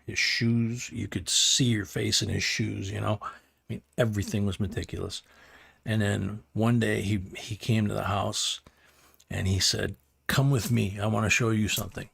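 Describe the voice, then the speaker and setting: An older man with a heavily gravelly, husky voice sits at his stream and spins a loose, rambling tale. He chuckles as he goes and keeps restarting his sentences. His pitch sits a bit low. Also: fairly even intonation, normal speed, a bit bright. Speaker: host. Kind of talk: casual storytelling on a live stream.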